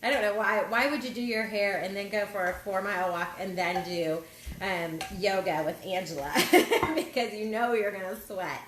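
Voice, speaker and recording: A woman's voice: medium pitch, moderate pace. A woman hosting a casual live cooking demonstration from her home kitchen, chatty and rambling, poking fun at her own slips. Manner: chatty, rambling, self-deprecating. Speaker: cooking show host. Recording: echoey kitchen, loud frying noise. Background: sizzling pan and kitchen clatter.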